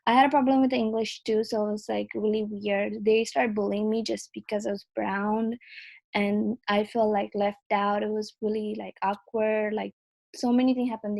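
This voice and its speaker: A young woman speaks over a video call in a flat, gravelly voice. She sounds sleepy and half awake. She talks hesitantly, with plenty of "like" and "um". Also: mid-range voice. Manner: hesitant, many fillers. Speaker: participant. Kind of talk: casual video call chat.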